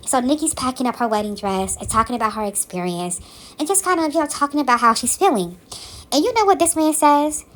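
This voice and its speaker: A woman's voice: high voice, brisk. A woman podcast host giving a sassy, exasperated casual recap of a reality TV show. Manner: sassy, animated, exasperated commentary.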